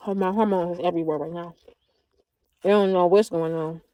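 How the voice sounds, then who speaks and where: A woman's voice: on the low side, fairly even intonation, fairly quick, dark tone, no room sound. A woman livestreaming in a casual chat, drawling and talking back to her viewers.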